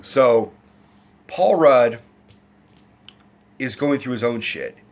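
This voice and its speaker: Profane man rambling through a film review. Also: extremely slow. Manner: profane, animated retelling with pitched-up acted quotes; loose and rambling with restarts. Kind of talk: casual film review rant.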